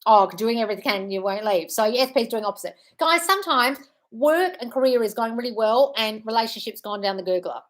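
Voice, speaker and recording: With a slightly high, bright voice and lively intonation, a woman talks fast as she hosts a casual live-stream Q&A. She's a manifestation coach who reads out viewers' questions and replies in a frank, easygoing way, addressing them as "darling."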